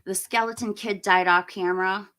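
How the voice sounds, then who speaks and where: A woman's voice: medium pitch, fairly even intonation, moderate pace, bright, forceful tone, smooth. A woman in her forties hosting a live stream, giving blunt, opinionated movie talk and breaking into laughing rants. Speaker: livestream host. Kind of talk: casual live movie review chat.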